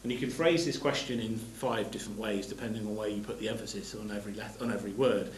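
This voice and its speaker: A man's voice: lowish voice, steady tone, quick pace, roomy sound, a little hiss or hum, low-quality recording. A man giving a sermon. He reads scripture aloud and explains it plainly, stopping to restart his phrases. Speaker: preacher.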